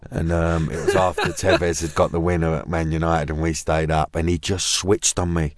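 A man's voice: low-pitched, level tone, moderate pace. A man, a guest on a podcast, rambling and swearing freely in casual football chat. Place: studio.

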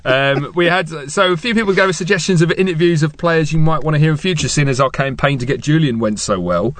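A man's voice: a little high, fast talker, fairly bright tone. A man hosting a podcast in casual chat, jokey and chatty, and stumbling a little over listener messages. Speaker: podcast host.

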